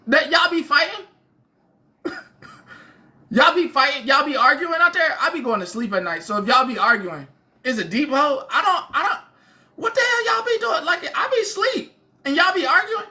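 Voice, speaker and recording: A woman's voice: very high voice, expressive, a little slow, long pauses, sharp tone. A woman hosting a casual livestream, reacting with laughter and bewildered repeated questions. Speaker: livestream host.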